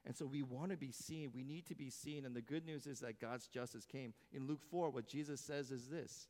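A man's voice: medium pitch, steady tone, normal speed. Man preaching in a reverberant hall. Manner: dramatic swings from hushed to loud exclamations. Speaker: pastor. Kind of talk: sermon. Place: church sanctuary.

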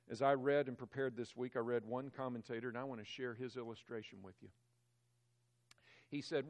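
A man preaching a sermon as pastor, emphatic, swelling louder on key phrases and dropping low and quiet on others.

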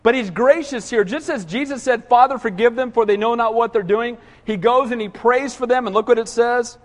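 A man's voice: extremely high pitch, brisk. A male pastor preaching a sermon in a conversational way, asking the congregation questions and acting out whiny voices. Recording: long hall reverb.

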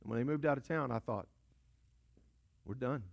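A pastor delivers a sermon in a medium-pitched, creaky voice at a racing pace, and the recording sounds lo-fi. He preaches like a storyteller, repeating phrases, asking rhetorical questions and using call-and-response.

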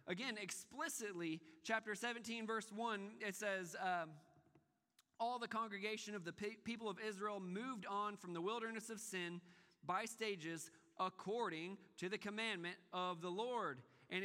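A pastor preaches a sermon in a high-sitting voice that is bright and forceful, posing rhetorical questions and hammering points home through emphatic repetition, repeating words when he restarts. A long reverb tail trails his voice.

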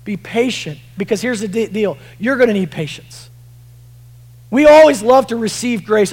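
A man preaching a sermon, rising to shouts at moments of emphasis and dropping low while reading scripture, often repeating words and restarting phrases. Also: animated, moderate pace, low-quality recording. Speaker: pastor.

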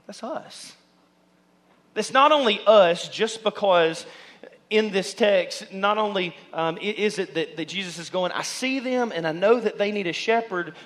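A man preaching a sermon as pastor, speaking in turn for imagined listeners and his own thoughts, and building to loud, shouted exhortation. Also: sits high.

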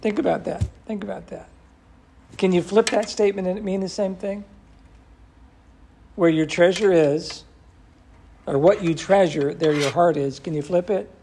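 A man's voice: sits high, moderate pace, gravelly, pauses often, dark tone, slight background noise. A man teaching an interactive Bible study who asks his class questions and quotes scripture expressively.

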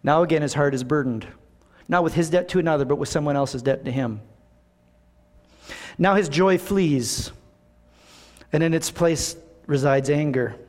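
A male pastor preaching to his church in a conversational, animated way, full of rhetorical questions. His voice sits notably high. Long reverb from the church hall trails every phrase. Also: normal speed, pauses often. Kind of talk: sermon.

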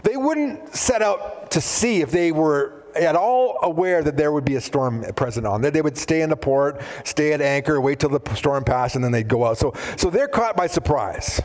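A man preaching a sermon, animated, often acting out biblical dialogue in different voices. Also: a little high, moderate pace, few pauses. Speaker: pastor.

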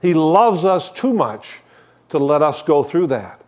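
A man's voice: fairly high pitch, very animated, takes it slowly, darkish tone. An older man giving a sermon as a guest preacher, talking in a conversational way with joking asides while he shows shepherd props.

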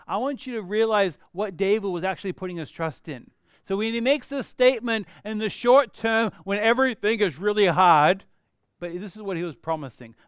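A male pastor delivering a sermon in an earnest, questioning manner. His voice sits high and sounds smooth and resonant. The recording is close and dry. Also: no echo. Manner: earnest, questioning, leans on repeated rhetorical questions.

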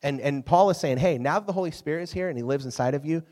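Animated youth pastor in a hall. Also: male voice, fairly high pitch, fast. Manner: animated, asks the audience questions. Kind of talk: youth sermon.

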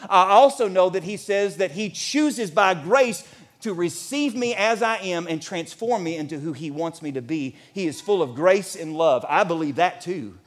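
Preaching in a church, a pastor in his forties speaks in a voice that sits high, animated throughout and occasionally rising almost to a shout.

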